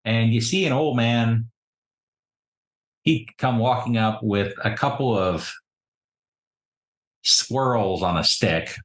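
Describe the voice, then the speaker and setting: A man narrating as game master of a tabletop game in an unhurried storytelling way. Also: mid-range voice, fairly bright tone. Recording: roomy echo.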